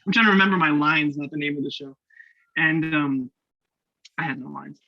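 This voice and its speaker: Man, young, from Canada, higher voice, animated storyteller, dull dry sound. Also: fairly quick, gravelly, no echo. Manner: animated, laughing, acts out quoted voices. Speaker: guest actor. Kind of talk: casual storytelling interview.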